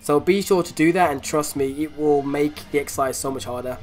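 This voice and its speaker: A man's voice: on the high side, brisk. A young man, chatting casually and upbeat in a fitness vlog, rambling with fillers. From England. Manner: relaxed voice-over explaining exercises. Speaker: fitness vlogger. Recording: music playing under the voice.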